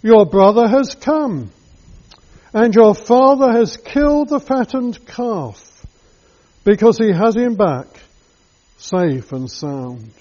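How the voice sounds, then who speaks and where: A man's voice: high voice, expressive, slow, darkish tone, in a large hall, heavily acted. A man voicing a household servant plainly delivering news, in a dull lo-fi recording.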